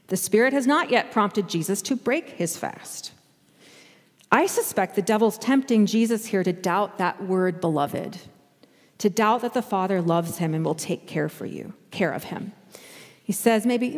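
A woman pastor preaching a sermon, conversational and expressive, slipping into the voices she quotes. Her voice sits at a middle pitch with a long hall reverb behind every word. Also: moderate pace.

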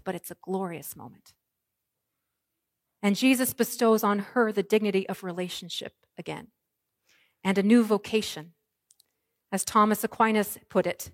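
Woman, pastor, sermon, dramatic delivery, hushed to ringing. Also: mid-range voice, no echo, studio quality. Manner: dramatic, varied delivery with soft hushed lines and ringing proclamations.

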